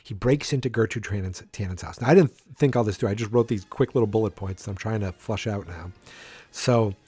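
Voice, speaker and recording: A man's voice: on the low side, a little fast, warm tone, breathy edge, no echo. A man hosting a solo podcast, rambling and interrupting himself as he acts out scenes. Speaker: podcast host.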